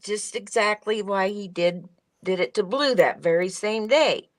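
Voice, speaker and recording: A woman's voice: medium pitch, measured pace. A woman in a casual live stream chat, earnestly explaining her view and often restarting her sentences.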